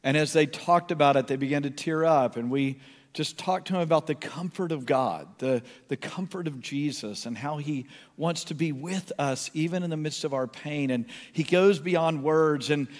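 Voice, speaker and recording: A man preaching and telling a story, his voice sitting high and carrying a long reverb from a large hall. He acts out the people he quotes. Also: moderate pace. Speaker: pastor. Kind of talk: sermon storytelling.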